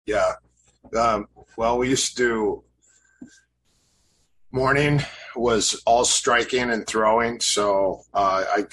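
A man in his fifties tells long stories in a somewhat low voice, drifting through fillers and restarts as he reminisces. A faint hum of ambience sits behind him. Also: fairly bright tone, poor audio. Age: 50s. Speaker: podcast guest, grappling coach. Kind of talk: casual interview storytelling.

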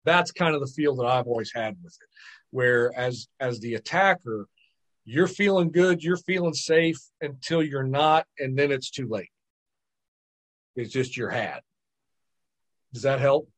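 A man, a podcast guest, telling stories in lively casual chat, often repeating words and checking in with "right?". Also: mid-range voice, measured pace, pauses often. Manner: animated storyteller, repeats words and asks "right?". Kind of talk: casual storytelling.

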